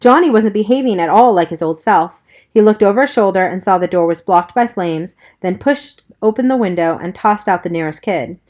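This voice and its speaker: A woman's voice: mid-range voice, brisk. Woman reading a novel aloud. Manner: steady, plain reading. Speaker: audiobook reader. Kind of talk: first-person novel narration.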